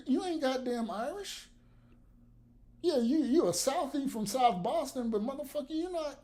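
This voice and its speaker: Profane, lively-voiced man ranting. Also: very high-pitched, normal speed. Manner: blunt, profane, laughs between points. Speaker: vlogger. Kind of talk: profane ranting commentary to camera.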